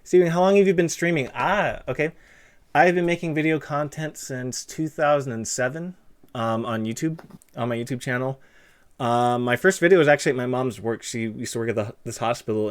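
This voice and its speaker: A man hosting a relaxed livestream interview, talking in a loose, chatty way. He laughs easily and breaks off to read out viewer messages. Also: mid-range voice. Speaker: streamer and interviewer. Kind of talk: casual livestream chat.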